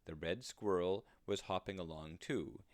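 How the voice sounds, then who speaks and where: A man reading a children's storybook aloud in an expressive, sing-song storytelling manner. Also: low voice, a little slow, dry recording.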